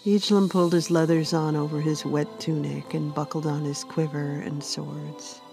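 A woman author narrating her own fantasy storybook in a gentle, unhurried reading. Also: sits low, flat delivery, gravelly, over music.

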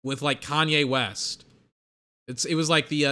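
A man's voice: medium pitch, moderate pace, sharp tone. A young man casually reacting to rap songs, rambling and chatty, with music playing behind him. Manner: chatty, rambling, mocking impressions.

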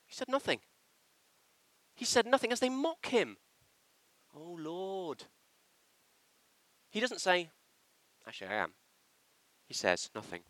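A man preaching a sermon in a church, with an animated, emphatic delivery that slips into acted quotations. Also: high-pitched, slow pace, long pauses, no room sound.

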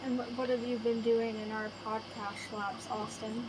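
A woman co-host chats casually and playfully, quick to giggle and tease. Her voice sits a little high. Clear hiss sits under her. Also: level tone. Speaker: podcast co-host. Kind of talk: casual chat. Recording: noticeable background hiss.

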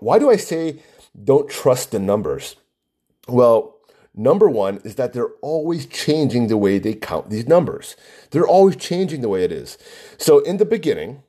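A man's voice: mid-range voice, mellow, husky. A man hosting his own podcast, talking casually in a rambling way, full of fillers and restarts. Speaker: podcast host. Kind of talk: casual solo podcast talk. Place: Hawaii.

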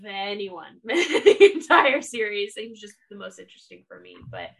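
A woman's voice: mid-range voice, sing-song, normal speed, husky. A young woman co-hosting a podcast, retelling reactions dramatically in casual chat. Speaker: podcast co-host.

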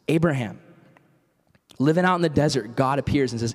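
A young man giving a casual, animated youth sermon full of stories and acted-out quotes. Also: mid-range voice, a little fast, long pauses. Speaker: youth speaker. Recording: reverberant hall.

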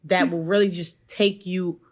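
Woman podcast host, casual banter, lively, swears freely, mimics others. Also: on the low side, measured pace. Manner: animated, profane, acts out voices. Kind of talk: casual chat.

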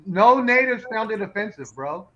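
Male podcast panelist, high bright voice cutting in with questions, muffled lo-fi audio. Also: animated, normal speed, a crowd in the background. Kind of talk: casual chat. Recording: dull lo-fi sound.

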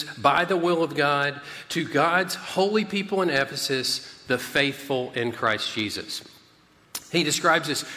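Male pastor telling a story in his sermon, bright sharp voice, lots of "okay?", big echoey hall. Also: fairly high pitch. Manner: animated storyteller, frequent "okay?" check-ins.

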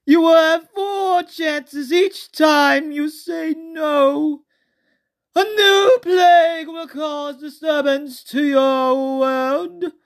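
A podcaster doing a squeaky silly announcer voice. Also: very slow, heavily acted. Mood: goofy. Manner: high, sing-song, drawn out. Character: silly cheerful doorstep announcer, not taken seriously.

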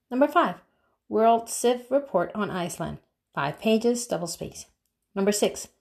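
A woman's voice: medium pitch, vocal fry, dry recording, studio quality. Woman narrating a teen diary. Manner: chatty, exasperated, animated. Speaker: audiobook narrator. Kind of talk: first-person diary narration as a teen girl.

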